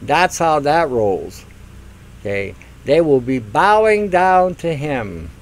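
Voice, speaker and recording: A man's voice: fairly high pitch, very animated, slow pace, rough recording. An older man hosting a radio talk show, ranting in a mocking monologue and acting out silly voices. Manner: mocking, acts out silly voices, laughs at own jokes.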